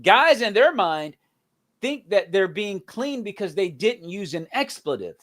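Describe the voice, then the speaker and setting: Male guest, pastor and comic, slightly high voice, laughs a lot telling stories. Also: unhurried. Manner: laughing, energetic storyteller. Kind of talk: casual interview chat.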